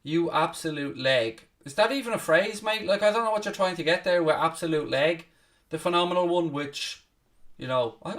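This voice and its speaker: A man hosting a live football watchalong, commentating casually, swearing a little, mocking himself, and shouting out loud at big chances. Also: fairly high pitch, distant mic. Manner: self-deprecating, swears casually. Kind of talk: live match commentary and chat with viewers.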